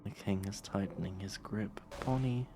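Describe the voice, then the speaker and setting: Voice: sits low, normal speed, music in the background. A streamer from England, reading a game aloud live and anxiously repeating words in breathless reassurance.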